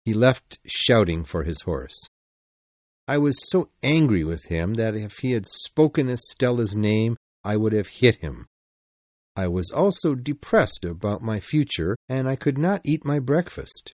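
Man reading a storybook aloud, expressive, deep-ish voice, lively intonation, dry close sound. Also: no echo. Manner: expressive, measured. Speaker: audiobook narrator. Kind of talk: scripted first-person storybook narration.

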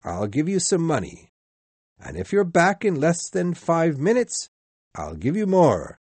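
A man's voice: fairly high pitch, huge pitch swings, unhurried, darkish tone, husky, no room sound, voice pushed up, exaggerated voice. A man voicing an elderly reformed miser, overjoyed and laughing as he exclaims his lines. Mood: eager.

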